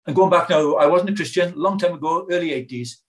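A man's voice: on the high side, fairly quick. An older British man preaching a sermon in an earnest, pleading way, asking his hearers many questions.

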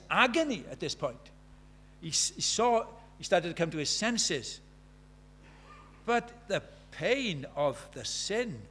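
A middle-aged Welsh man preaching a sermon, moving between loud declarations and quiet, hushed asides. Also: a little high. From Wales.

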